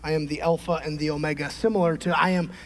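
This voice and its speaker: A middle-aged male pastor preaching a sermon, emphatic, swinging from shouted peaks to quiet conversational asides. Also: on the high side, steady tone, fast. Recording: long hall reverb.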